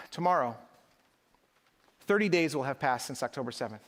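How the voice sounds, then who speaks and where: A man's voice: medium pitch, lively intonation, normal speed, fairly bright tone. A middle-aged man giving a live keynote speech at a conference, rhetorical and emphatic, working the audience. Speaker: conference speaker. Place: large conference hall. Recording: echoey conference hall.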